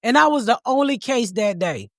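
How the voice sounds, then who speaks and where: A woman podcast host telling a comedic story in a profane, animated way, laughing as she talks. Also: fairly high pitch, normal speed, no echo, clean studio sound.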